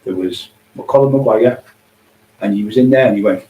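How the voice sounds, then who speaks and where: A man's voice: on the low side, normal speed, mellow. A middle-aged man in an angry, profane, taunting rant. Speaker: vlogger. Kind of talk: angry ranting monologue. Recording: echoey distant room, faint hum.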